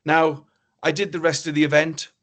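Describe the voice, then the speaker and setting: Animated storytelling male keynote speaker. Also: a little high, normal speed. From northeast England. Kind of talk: motivational storytelling talk.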